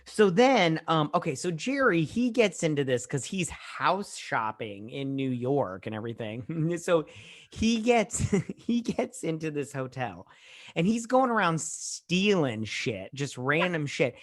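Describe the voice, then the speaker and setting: A woman co-hosting a casual, drunk movie-review podcast, retelling scenes in a profane, animated way with acted-out asides. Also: low-pitched, measured pace. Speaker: podcast co-host.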